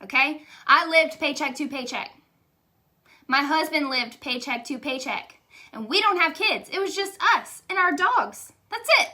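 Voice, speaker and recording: High bright chatty woman. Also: expressive, measured pace. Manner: candid, chatty, emotional, says y'all. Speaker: direct sales leader. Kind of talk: motivational testimonial.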